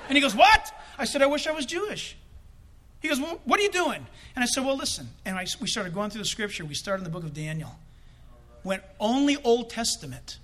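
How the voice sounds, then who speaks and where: A male preacher spins a personal anecdote, acting out the dialogue as he goes. His voice sits very high and bright. It swoops up and down with lively energy. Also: fairly quick. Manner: storytelling with acted-out quotes, bursts of laughter. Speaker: preacher telling a personal story. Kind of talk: animated sermon anecdote.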